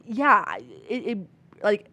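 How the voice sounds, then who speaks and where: A woman's voice: mid-range voice, huge pitch swings, slow pace, pushed and bright. A woman in her twenties, a podcast guest telling her story in casual, earnest conversation full of "like" and "um". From Michigan, USA. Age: 20s. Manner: earnest, many "like" and "um" fillers.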